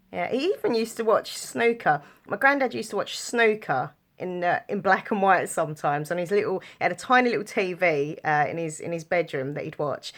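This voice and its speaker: A young woman talks casually to her viewers, her voice sitting a little low. She rambles from story to story, giggling and filling gaps with ums and likes. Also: a bit bright. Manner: chatty, giggly, rambling with lots of fillers. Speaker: vlogger. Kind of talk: casual chat to camera.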